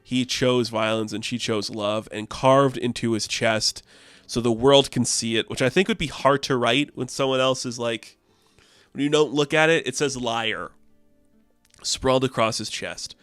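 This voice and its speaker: A man giving a casual comic book recap in a rambling way, full of "like" and quick asides. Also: medium pitch, steady tone, fairly bright tone, smooth, dry recording, faint music behind. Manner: rambling, filled with "like".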